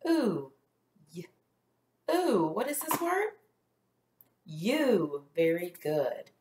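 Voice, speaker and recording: A woman teacher leading a first grade phonics lesson, sounding out letters slowly and praising the class. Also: fairly low pitch, sing-song, a little mellow. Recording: echoey room.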